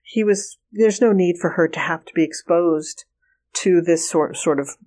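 A remote viewing trainer appears as an interview guest, speaking at normal speed in a lowish, slightly mellow voice. Candid and conversational, she earnestly recounts personal stories and often restarts what she's saying.

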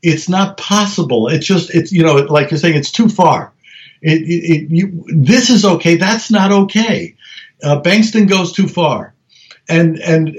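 Speaking on the high side, a man who is a researcher tells stories as a guest in a relaxed interview. He talks haltingly, restarts often, and voices the people he quotes, all captured in a dull, lo-fi recording.

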